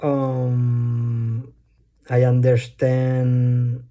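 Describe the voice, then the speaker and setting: A man's voice: mid-range voice, completely flat delivery, drawn-out words, warm tone. A man with a Spanish accent, a native Spanish speaker, rambling bluntly through a casual monologue and swearing offhandedly.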